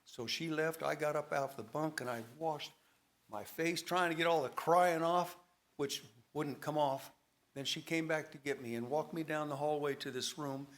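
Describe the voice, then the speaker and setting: A man stands before a church congregation and tells his own testimony. His voice sits a touch high, and he tells it with drama, rising and falling with the emotion of each moment. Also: fairly even intonation, normal speed, a bit bright. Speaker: church member giving testimony. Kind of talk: personal testimony. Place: church service.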